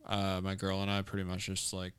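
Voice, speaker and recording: Gender: man. Style: casual podcast chat. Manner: laid-back, says dude. Pitch: lowish. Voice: smooth and clear. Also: completely flat delivery, brisk, fairly bright tone.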